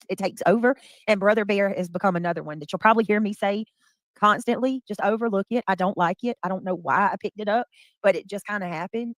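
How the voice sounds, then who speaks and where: A woman's voice: medium pitch, dry recording. A woman hosting a casual commentary chat, talking bluntly with lots of slang and swearing. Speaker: host.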